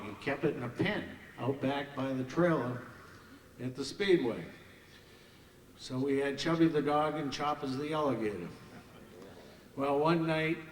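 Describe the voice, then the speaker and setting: An older man telling lively anecdotes at a ceremony on a banquet hall stage and acting out the voices of others, in an echoey hall heard from far off. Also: medium pitch, a little hiss or hum. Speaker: hall of fame ceremony speaker. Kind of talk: anecdotal after-dinner storytelling.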